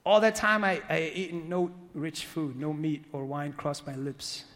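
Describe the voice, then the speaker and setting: Impassioned high-voiced male preacher. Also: steady tone, normal speed, long reverb tail. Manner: impassioned, swings from loud exhortation to hushed earnest pleading. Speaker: pastor. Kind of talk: sermon. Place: church sanctuary.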